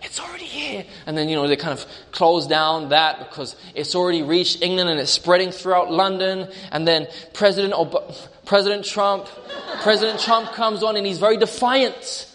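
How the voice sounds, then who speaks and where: A man's voice: sits high, fairly even intonation, normal speed, fairly bright tone, in a large hall. A male preacher delivering a sermon, storytelling through a vivid imagined scene.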